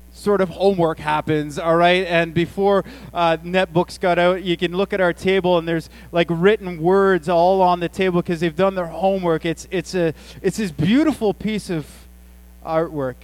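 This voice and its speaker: A man in his forties preaching to a congregation, his voice sitting a touch higher than most men's. He spins homey family stories in a loose, chatty way, jumping into playful asides and quoted voices. A faint electrical hum runs underneath. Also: rough recording. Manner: chatty, storytelling, animated asides. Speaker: pastor. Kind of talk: sermon.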